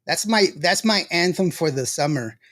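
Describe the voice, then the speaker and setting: A man's voice: on the high side, lively intonation, moderate pace, fairly bright tone. A man hosting a casual show, chatty and laughing often as he tells stories. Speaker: show host. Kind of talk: casual livestream chat.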